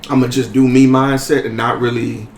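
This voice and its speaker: A man hosting a podcast discussion in a relaxed, conversational way with frequent fillers. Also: medium pitch, moderate pace. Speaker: podcast host. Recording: echoey room with faint noise.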